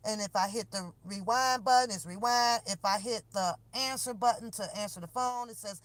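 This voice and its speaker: A woman rants to camera from her car on a phone camera, her voice a little high, animated and fairly quick, barely pausing, on a dry recording. Talking to her viewers, she's exasperated yet laughing and curses without restraint.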